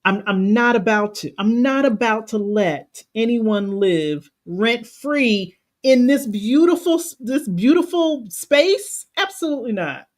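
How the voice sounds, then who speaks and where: A woman's voice: a little high, expressive, slow, hardly any pauses. A woman life coach giving a motivational talk on a live stream, emphatic and passionate, repeating phrases for emphasis. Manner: passionate, preacher-like cadence.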